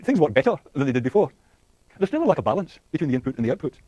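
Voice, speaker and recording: Fast-talking male lecturer, dark and husky. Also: on the high side, sing-song, no echo. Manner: rapid, thinking aloud with frequent fillers and restarts; asks the class questions and laughs lightly. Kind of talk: university lecture.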